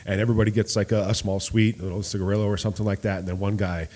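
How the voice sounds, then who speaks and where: A man co-hosting a casual chat, telling lively anecdotes from behind the bar and agreeing often. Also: lowish voice, racing. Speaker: cigar bar staff and podcast co-host.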